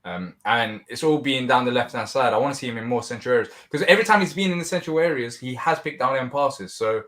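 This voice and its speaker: A man hosting a fan football watch-along, chatting casually and breaking into animated, excitable bursts. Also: medium pitch, fast talker. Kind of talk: casual live stream chat.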